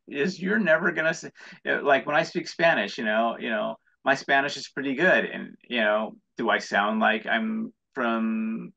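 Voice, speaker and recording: A man's voice: mid-range voice, gravelly, pushed and bright. A man with an American accent, chatting as an interview guest in an earnest, rambling way with frequent restarts, on dull lo-fi audio. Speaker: guest, entrepreneur. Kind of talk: casual interview talk.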